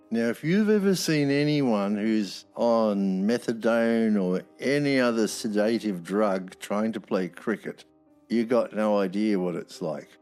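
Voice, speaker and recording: A man's voice: fairly low pitch, a little mellow. A man, a former prison officer telling stories bluntly, swearing freely, with wry humor. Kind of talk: anecdotal storytelling.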